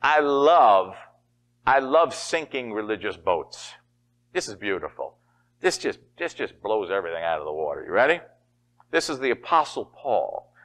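A middle-aged man preaching a sermon as pastor, telling stories with laughter and lively emphasis. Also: on the low side, normal speed. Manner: animated, laughing storyteller.

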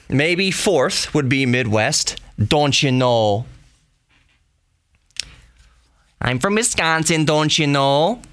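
Chatty radio-style podcast host, dry mic. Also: male voice, medium pitch, a bit bright, dry recording. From Texas. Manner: chatty, rambling, self-deprecating. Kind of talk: casual solo podcast monologue.

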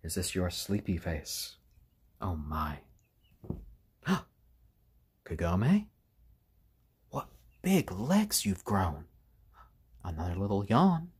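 A man hosting a casual live stream, chatting gently and cooing to his pet birds. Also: deep voice, wildly swooping pitch, drawn-out words, pauses often, husky. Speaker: stream host.

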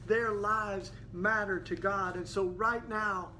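A man's voice: high voice, steady tone, slow, pushed and bright, a little hiss or hum. A man giving an impassioned, sermon-like talk, earnest, with frequent "uh" fillers and restarts. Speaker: faith activist speaker. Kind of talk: earnest preaching-style talk.

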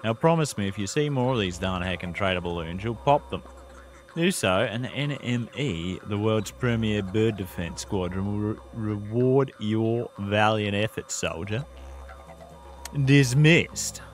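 A man voicing a paranoid, blustering patriot who hunts emus, gruff and barking orders in a game. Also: lowish voice, measured pace, close to an everyday voice. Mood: commanding. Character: paranoid blustering male patriot emu hunter.

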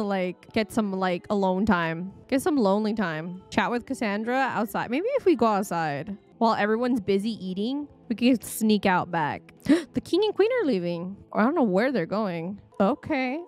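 Lively, giggly woman narrating her game. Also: medium pitch. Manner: chatty, giggly, reacts out loud to the game. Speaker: gaming channel host. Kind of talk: casual let's-play commentary. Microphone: desk microphone.

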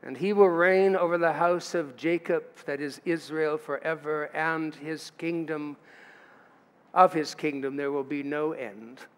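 A man's voice: fairly high pitch, clean tone. A man preaching a sermon as pastor, in a chatty way with asides to the congregation. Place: church sanctuary. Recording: church livestream with long hall reverb.

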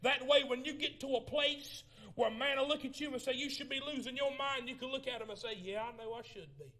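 A man preaching a Pentecostal sermon in a church, swinging from shouted lines to low murmurs as he tells the story. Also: brisk. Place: church sanctuary.

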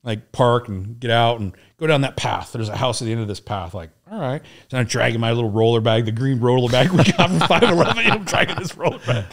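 A man's voice: medium pitch, quick pace, few pauses. A man telling war and contracting stories as a podcast guest, acting out dialogue, laughing and swearing casually. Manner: animated, acts out dialogue, laughs often, swears. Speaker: podcast guest, Navy SEAL veteran. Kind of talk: casual storytelling interview.

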